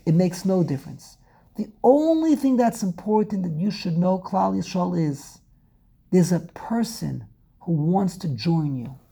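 A woman's voice: on the low side, animated, unhurried, gravelly, dark tone, breathy edge. A woman teaching a religious text lesson, asking rhetorical questions and repeating words as she builds each point. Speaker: Torah teacher. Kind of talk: lecture on Hebrew prayer and scripture.

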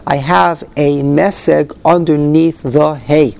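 A man with a gravelly, slightly high voice leads a text study class. He reads Hebrew phrases aloud, then translates and explains them, openly thinking out loud as he goes. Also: moderate pace. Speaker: Torah class teacher.

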